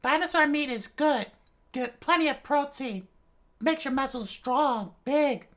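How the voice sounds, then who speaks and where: A man's voice: very high-pitched, measured pace, fairly bright tone, pitched above the performer's own voice. A man voicing a huge, jolly male giant who bellows with laughter, in a loose reading of a comic. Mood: jolly booming.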